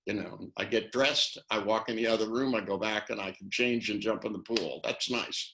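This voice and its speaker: A man's voice: lowish voice, steady tone, moderate pace, gravelly, fairly bright tone, a little hiss or hum. An older man on a video call, talking casually and rambling through anecdotes, acting out the phrases he quotes. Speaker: interviewee, NLP trainer. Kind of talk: casual webinar talk.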